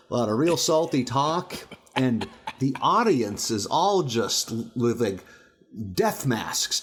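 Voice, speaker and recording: A man co-hosting a podcast, a stand-up comic telling a profane, animated story in casual chat, often laughing. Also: medium pitch, husky.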